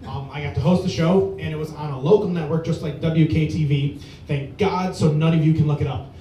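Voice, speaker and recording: A man tells a rambling stand-up story at an open mic, stopping often on fillers and restarts. His voice sits a little high and sounds mellow. He is heard from across an echoey bar, with a faint rumble behind him. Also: steady tone, brisk, far from the mic. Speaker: stand-up comedian.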